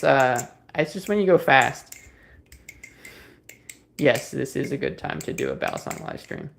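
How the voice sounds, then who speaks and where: Male streamer, relaxed and rambling, reads and answers chat; voice has a gravelly edge. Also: medium pitch, slight background noise. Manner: rambling, easygoing, many fillers and restarts. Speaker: livestream host. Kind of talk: casual livestream chat, reading viewer comments.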